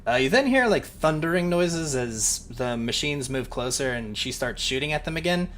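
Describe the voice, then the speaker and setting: A man's voice: medium pitch, animated, normal speed, a bit bright, slight background noise. Man running a tabletop game, casual. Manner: casual, rambling, with fillers. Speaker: game master.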